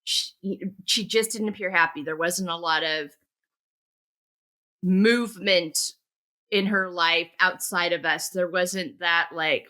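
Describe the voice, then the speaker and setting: A woman hosting a podcast, talking conversationally and stressing key words with animated rises. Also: on the low side, a little slow. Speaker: podcast host.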